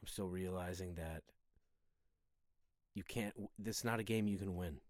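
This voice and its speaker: A man with a low voice talks in an earnest, searching way before a workout. He muses and stays humble. The sound is dry and close. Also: moderate pace, dry recording. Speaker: fitness video host. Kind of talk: reflective spoken monologue.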